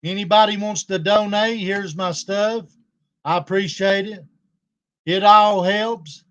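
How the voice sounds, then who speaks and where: A man's voice: high-pitched, steady tone, takes it slowly, a bit bright. A man talking casually to viewers on a livestream, aggrieved and confrontational as he addresses a rival and his audience. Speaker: YouTube livestreamer.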